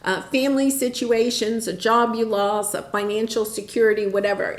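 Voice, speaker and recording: A woman's voice: a little high, roomy sound. A woman giving a casual, encouraging tarot reading, often checking in with "right?" and "okay?". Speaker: tarot reader.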